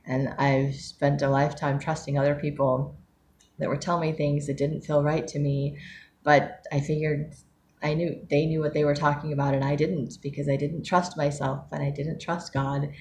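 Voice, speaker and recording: A woman with a low voice talks candidly into the camera, rambling and restarting her sentences as she reflects. She sounds close to tears at moments, and faint background noise sits under her voice. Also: level tone, normal speed, a little mellow. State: becoming tearful and emotional. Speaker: vlogger. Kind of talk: personal reflective talk to camera.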